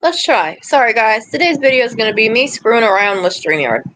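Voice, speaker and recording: Her fairly high voice is expressive and a bit bright, and she talks a little fast. Hosting a relaxed livestream from her yard, she rambles chattily and breaks off to coo at or scold her dog. It's a rough recording.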